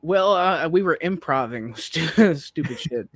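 A man's voice: a little high, animated, a little slow, fairly bright tone, slightly rough, no room sound, studio quality. A man co-hosting a podcast in casual chat, giggly and rambling. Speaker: podcast co-host.

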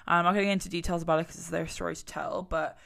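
A young woman hosts her podcast in a loose, rambling chat, full of fillers and self-mocking asides. Her voice sits a bit low and carries a gravelly fry at the ends of phrases. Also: fairly even intonation, rapid-fire, a bit bright. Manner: chatty and rambling, many fillers, laughs at herself. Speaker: podcast host.

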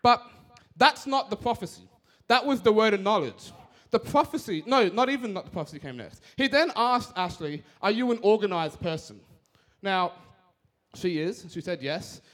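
A young man giving a casual, energetic sermon, talking fast with slang. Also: high-pitched.

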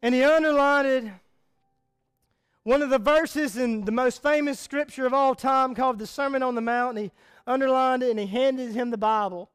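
A man's voice: very high voice, steady tone, normal speed, fairly bright tone, clean tone. A man preaching a sermon as a pastor, telling a story earnestly and repeating words as he goes.

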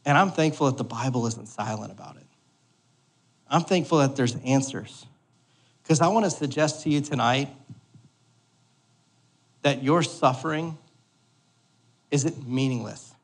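Speaking unhurriedly with long pauses, a husky-voiced man in his thirties preaches in a church hall, his pitch mid-range. He's a joking, conversational pastor who often checks in with listeners by asking "all right?"

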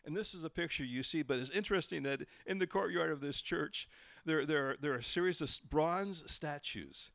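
A man preaching a sermon, telling the story with lively delivery and acting out the voices he quotes. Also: a little high, moderate pace, creaky, dry recording, clean studio sound. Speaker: pastor.

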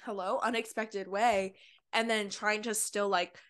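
A young woman co-hosting a podcast, talking candidly and rambling, with a dark sense of humor. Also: mid-range voice, steady tone, a little slow. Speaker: podcast co-host. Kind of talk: casual chat.

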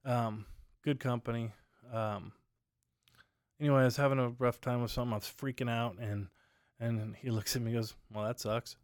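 A man's voice: mid-range voice, fairly even intonation, moderate pace, no room sound, clean studio sound. A man hosting his own podcast, chatting casually and rambling through stories with lots of fillers, at home at night. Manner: rambling storytelling with many fillers. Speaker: podcast host. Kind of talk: casual solo chat.

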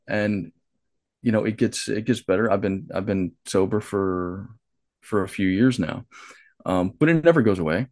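Heard here is a man's fairly low, darkish voice at a normal speed, captured cleanly in a studio with no room sound. He's a U.S. author and artist guesting on a podcast, frankly and profanely storytelling, voicing his inner thoughts aloud and often restarting his sentences.

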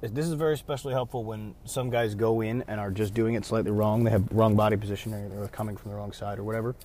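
A man who referees rugby, talking casually in a car, rambling and correcting himself, now and then acting out players' shouts. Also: lowish voice, fairly even intonation, fast. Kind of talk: casual vlog talk.

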